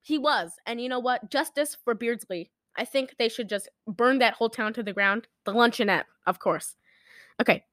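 Woman podcast co-host, rambling and giggly, slightly high voice, very dry close sound. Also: moderate pace, a bit bright, no echo. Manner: rambling, giggly, acts out quoted lines. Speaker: podcast co-host recapping a movie. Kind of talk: casual chat.

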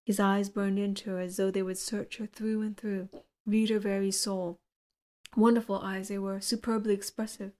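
Woman, audiobook narrator, literary reading, mid-pitched voice, little pitch movement. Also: a little mellow. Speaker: audiobook reader.

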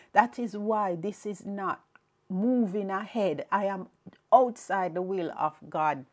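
A woman's voice: medium pitch, a little mellow. A woman hosting a podcast, telling a personal faith story in an earnest, reflective way. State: tearful, emotional. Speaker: podcast host.

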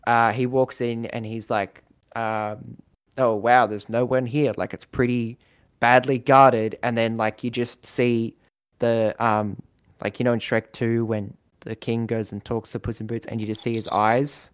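A man in casual chat, rambling through a story idea with lots of fillers and quick acted-out lines. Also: mid-range voice, flat delivery, smooth.

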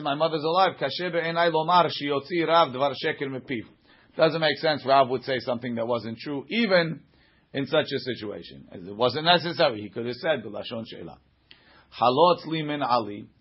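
Husky guy going thru talmud with a class, reads a line then explains it casual, dull lo-fi recording. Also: medium pitch. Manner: reads Aramaic lines then explains in plain English, conversational. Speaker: Talmud teacher. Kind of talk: Talmud class, reading and translating.

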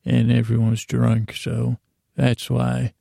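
A man's voice: mid-range voice, completely flat delivery, takes it slowly, vocal fry, mellow, no room sound, clean studio sound, full character voice. Man telling as a teasing woman ventriloquist.

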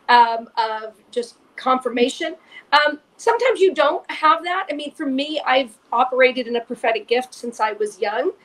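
A woman co-hosting a faith podcast, telling an animated personal story and repeating phrases for emphasis. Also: fairly high pitch. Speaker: podcast co-host. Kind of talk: casual chat, storytelling testimony.

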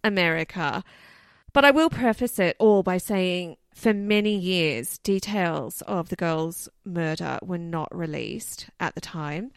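A woman's voice: on the low side, lively intonation, measured pace, clear, resonant tone, no echo, clean studio sound. A woman co-hosting a podcast, telling a case in a chatty, loose way full of asides. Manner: chatty, loose, many "you know" and "like" asides. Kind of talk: casual storytelling chat.

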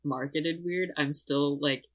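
A woman's voice: low-pitched, takes it slowly, poor audio. A young woman in casual podcast chat about a movie, laughing often and acting out lines she quotes. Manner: giggly, animated, quotes lines in acted voices.

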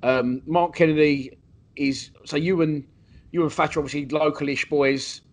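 A man hosting a casual interview, asking quick, chatty leading questions. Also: a little high, fairly even intonation.

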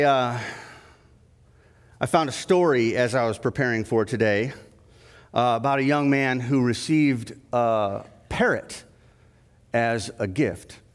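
A male pastor delivers a sermon in a conversational storytelling manner, his mid-range voice neither high nor low. It carries a long reverb from a church sanctuary. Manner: conversational storytelling, lively when telling a story.

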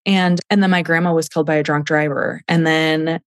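A woman's voice: low voice, a little fast, dry recording. A woman, a nurse, talking frankly as a guest in an interview, swearing freely and telling stories with energy. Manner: frank, foul-mouthed, lively storytelling. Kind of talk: casual interview chat.

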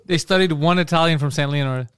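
A man's voice: fairly high pitch, quick pace, a bit bright, smooth, no room sound, studio quality. A man hosting a comedy podcast in casual chat, brash and profane. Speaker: podcast host.

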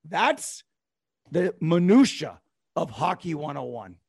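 A man's voice: on the high side, slow, creaky, breathy edge. A man co-hosting a sports talk show, animatedly recounting a game play by play. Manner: animated, recounts plays, hums tunes. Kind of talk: play-by-play storytelling.

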